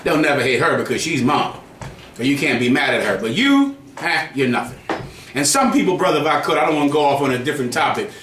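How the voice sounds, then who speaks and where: A man's voice: on the high side, very animated, fast, fairly bright tone, echoey room, a little hiss or hum. A man preaching to a group in a heated, mocking way, swearing freely. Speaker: group teacher. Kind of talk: street preaching.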